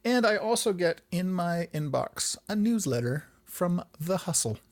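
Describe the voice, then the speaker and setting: A man's voice: high voice, big pitch swings, unhurried. A man co-hosting a podcast in casual chat, easygoing, with dry asides and frequent backchannels. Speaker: podcast co-host.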